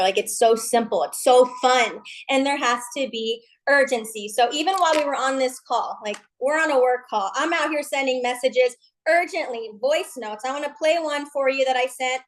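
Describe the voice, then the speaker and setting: A high-voiced woman delivers a motivational talk to her sales team. She is emphatic and upbeat and drops folksy slang. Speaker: MLM team leader on a call.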